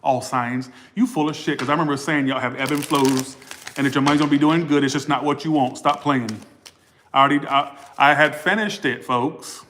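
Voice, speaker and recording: A man's voice: medium pitch, steady tone, brisk, a bit bright, slight background noise. A man giving a casual tarot reading for all the signs, blunt and profane, often losing his place and rambling. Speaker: tarot reader.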